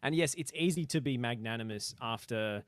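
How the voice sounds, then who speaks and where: A man giving measured, analytical commentary in casual podcast chat. His voice sits at a middle pitch. The recording is dry and close. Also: dry recording. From Australia. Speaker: podcast co-host.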